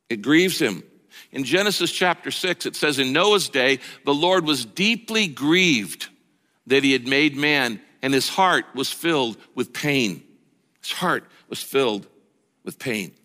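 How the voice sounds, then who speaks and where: A middle-aged man preaches a sermon in a bright, forceful voice pitched a little high for a man. He is emphatic, slowing down and dropping low on the lines he wants to land. The sound carries a long reverb from a large church auditorium. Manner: emphatic, slows down and drops low on key lines. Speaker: pastor.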